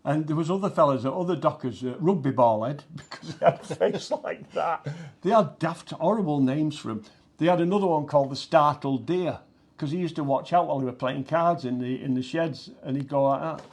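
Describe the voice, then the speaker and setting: A man's voice: a little high, brisk. An older man, co-hosting a chat show and laughing through his anecdotes. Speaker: co-host. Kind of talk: casual chat. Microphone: live show mic.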